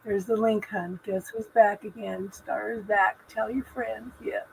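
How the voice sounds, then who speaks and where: A woman hosting a live spiritual talk stream from her home, rambling gently through spiritual advice with lots of fillers and restarts. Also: mid-range voice, steady tone, measured pace, vocal fry, a little hiss or hum, poor audio. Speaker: host.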